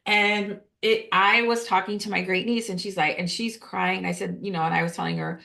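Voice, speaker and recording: A woman's voice: fairly low pitch, fairly even intonation, brisk, gravelly, bright, forceful tone. A middle-aged woman hosting a podcast, chatting casually and telling stories with many restarts and fillers. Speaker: podcast host. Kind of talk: casual interview chat.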